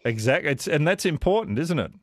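A man's voice: fairly high pitch, sing-song, a little fast, no room sound. A man hosting a radio quiz, chatting casually with callers in a self-deprecating way and laughing often. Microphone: studio microphone.

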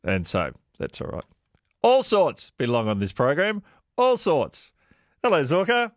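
A man's voice: fairly high pitch, huge pitch swings, measured pace, dry recording, clean studio sound. A man hosting talkback radio, chatting with callers and laughing often. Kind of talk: warm casual on-air chat with callers. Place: radio studio.

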